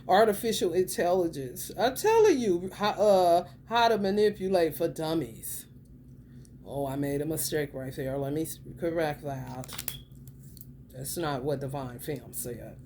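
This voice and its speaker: A low-pitched woman talks through a spiritual reading in a blunt, profane, streetwise way. She draws some phrases out slowly and fires off others fast. A clear hum of background noise sits under her voice. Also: animated, warm tone. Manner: emphatic, swings between drawn-out and rapid phrases. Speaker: spiritual reader. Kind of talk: casual spiritual commentary.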